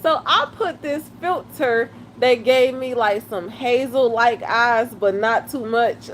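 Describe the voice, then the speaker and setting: A woman's voice: on the high side, a little hiss or hum. A woman, chatting casually and laughing often during a live stream. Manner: laughing, chatty, drawn-out exclamations.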